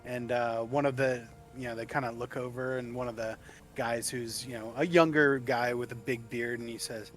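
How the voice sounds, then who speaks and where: A man running a tabletop game, narrating loosely with lots of "uh" and "you know." His voice is mid-pitched, and faint background music plays throughout. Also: fairly even intonation, normal speed, a bit bright. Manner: rambling, many fillers, voices tavern patrons. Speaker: game master.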